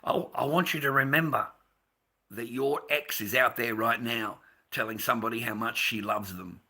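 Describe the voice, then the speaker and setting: A middle-aged man talks straight to his livestream audience, blunt and profane, circling back on himself with stammered restarts. His voice is very bright and sharp-edged. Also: mid-range voice, normal speed, husky. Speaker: livestream host. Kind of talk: casual livestream rant.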